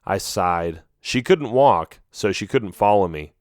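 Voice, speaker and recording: A man reading a first-person children's animal story aloud with an expressive, animated delivery. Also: lowish voice, slow pace, no echo, studio quality. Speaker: audiobook narrator.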